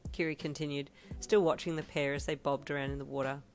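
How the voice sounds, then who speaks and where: Low-voiced woman reading fan fiction. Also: flat delivery, fast, faint music behind. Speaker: reader.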